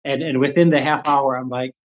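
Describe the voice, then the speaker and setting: A man's voice: mid-range voice, steady tone, fairly quick, highs cut off. An older man from the Midwestern United States, candidly telling a story as an interview guest and acting out his own past thoughts. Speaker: guest, Reiki teacher.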